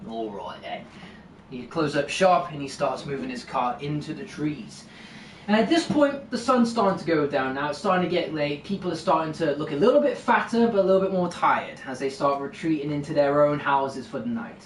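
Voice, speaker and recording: A man's voice: on the high side, lively intonation, brisk. A man running a casual home tabletop game as game master, narrating in a rambling, self-correcting way. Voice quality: rambling, restarting often while narrating. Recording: roomy, distant, noisy home recording.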